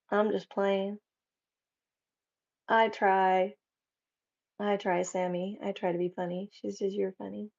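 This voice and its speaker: A woman's voice: medium pitch, fairly even intonation, vocal fry, warm tone. A playful woman chats with her viewers on a live stream, taking her time between words and laughing easily. Her voice sits in an ordinary middle range. The stream audio is a little dull and lo-fi. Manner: playful, joking, quick to laugh. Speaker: livestream host. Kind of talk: casual live chat reading viewer comments.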